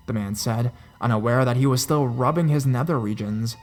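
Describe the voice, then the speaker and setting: A man narrates a first-person horror story in a steady, even reading manner. His voice sits at a middle pitch for a man. He keeps a plain storytelling tone throughout. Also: normal speed, soft background music.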